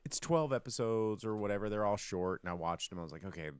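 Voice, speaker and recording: A man's voice: fairly low pitch, lively intonation, fast talker, clear, resonant tone, no echo. A man co-hosting a podcast, chatting casually in a wry, joking way. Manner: wry, joking, drifts into silly quoted voices. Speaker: podcast co-host. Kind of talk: casual chat.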